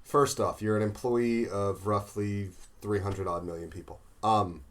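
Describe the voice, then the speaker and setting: A man co-hosts a podcast, delivering sardonic rants in casual chat. His voice sits on the low side. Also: steady tone, a little slow. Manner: sardonic, ranting. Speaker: podcast co-host.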